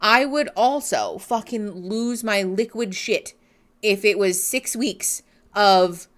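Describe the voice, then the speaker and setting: A woman's voice: mid-range voice, slow. A woman therapist giving blunt, sarcastic live reaction commentary and swearing freely. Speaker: therapist reacting to a reality show.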